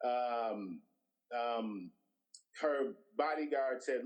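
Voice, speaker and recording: Man telling lively anecdotes. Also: medium pitch, moderate pace, low-quality recording. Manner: animated storyteller who acts out quoted dialogue. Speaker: guest, TV director. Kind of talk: anecdotal storytelling interview.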